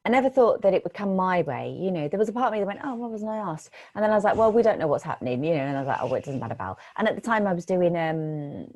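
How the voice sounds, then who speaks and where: A woman being interviewed as an actress, telling stories in a lively way and acting out past conversations. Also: on the low side, rapid-fire, few pauses, no room sound. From Britain. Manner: animated storytelling, re-enacts conversations. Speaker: actress guest.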